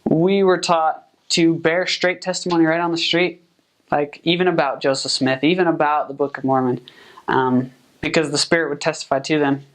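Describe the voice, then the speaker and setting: A young man, a returned missionary, giving relaxed, chatty advice full of fillers. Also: on the high side, moderate pace. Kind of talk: casual advice talk.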